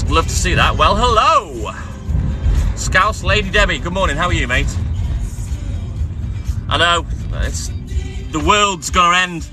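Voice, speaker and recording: A man chatting live from his milk round, reading out viewer comments and giving friendly shout-outs by name. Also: fairly high pitch. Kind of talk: casual live-stream chat reading out comments.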